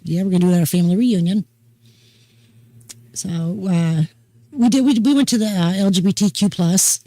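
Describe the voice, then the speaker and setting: An older woman hosting a casual talk show, chatting in a folksy, unhurried storytelling way. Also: medium pitch, mellow, no echo, rough recording. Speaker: host. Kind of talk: casual chat.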